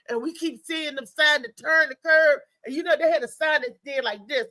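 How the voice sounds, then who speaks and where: A woman comedian with a high, bright, sharp voice tells comic stories in a loose chat, animated and quick to laugh. She acts out the people in her stories. The sound is close and dry, with no room around it. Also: no echo. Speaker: stand-up comedian guest. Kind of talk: casual chat, comic storytelling.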